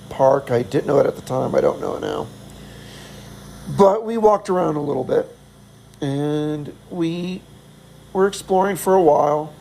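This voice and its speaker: A man's voice: fairly high pitch, vocal fry, warm tone, slight background noise, low-quality recording. A middle-aged man telling a travel story in a casual, rambling way, chuckling often and poking fun at himself. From United States. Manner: chuckling, self-deprecating, rambling. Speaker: vlogger.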